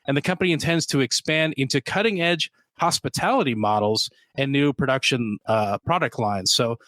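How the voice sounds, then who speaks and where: A man's voice: mid-range voice, normal speed, a bit bright, no room sound. A man co-hosting a beer podcast, talking casually and rambling with lots of ums and restarts. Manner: rambling, with many fillers and restarts. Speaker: podcast co-host. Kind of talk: casual chat.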